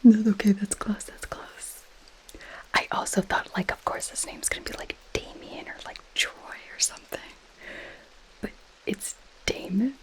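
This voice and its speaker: A woman's voice: mid-range voice, measured pace, a bit bright, poor audio. A woman in a whispered role-play as a possessive goth girl friend, reading a book aloud and mocking it with dry sarcasm. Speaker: ASMR creator.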